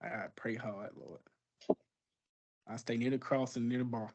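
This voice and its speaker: A man's voice: mid-range voice, fairly even intonation, normal speed, a little mellow. A man co-hosting a podcast in casual chat, laid-back and profane, often chiming in with agreement. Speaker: podcast co-host.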